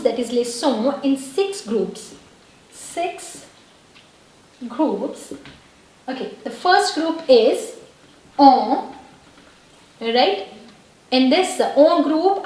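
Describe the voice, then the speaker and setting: A woman's voice: high voice, a little mellow, very echoey, rough recording. A woman teaching a language lesson, patiently explaining and repeating words and checking in with her viewers. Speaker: French teacher.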